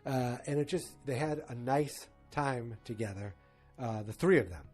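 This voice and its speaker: A man's voice: mid-range voice, normal speed, a little mellow, breathy edge, soft background music. A man hosting a podcast, recapping a TV episode in a rambling, chatty way and acting out the characters' lines. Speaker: podcast host.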